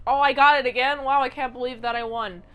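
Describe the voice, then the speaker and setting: A woman voicing a greedy, brash male gangster who has died, talking loud and impatient. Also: high voice, steady tone, fast, clean tone, dull audio, close to an everyday voice. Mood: bored.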